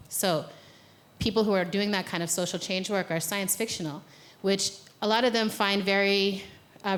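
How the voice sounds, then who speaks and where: An American woman, an organizer, leading a guided exercise and then giving a playful, conversational talk from a conference stage. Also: mid-range voice. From United States. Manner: playful, conversational, laughs at own jokes. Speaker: speaker and organizer. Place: conference venue.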